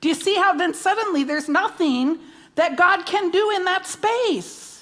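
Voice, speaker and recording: High-voiced woman minister preaching. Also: unhurried, a bit bright. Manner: emphatic, repeats key words, asks rhetorical questions. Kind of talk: sermon.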